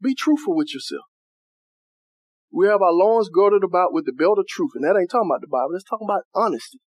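A man preaching a sermon as pastor, who keeps asking the congregation if they are with him and softens his voice to act out quoted prayers. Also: high-pitched, lively intonation, fast talker, husky, dry recording, clean studio sound. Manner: call-and-response preaching, asks "are you with me?".

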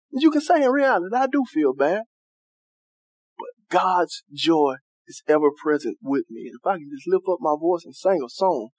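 A man preaching a sermon as pastor, who keeps asking the congregation if they are with him and softens his voice to act out quoted prayers. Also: on the high side, slightly rough, dry recording. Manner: call-and-response preaching, asks "are you with me?".

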